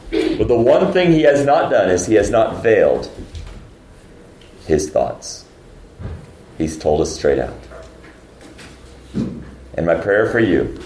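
A man preaching a sermon, moving between loud emphatic peaks and hushed low lines and asking the congregation rhetorical questions. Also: very echoey, slight background noise, poor audio.

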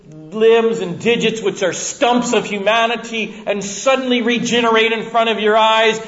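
A man preaching a sermon in a church room, dramatic, swinging from loud to hushed. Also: sits high, lo-fi sound.

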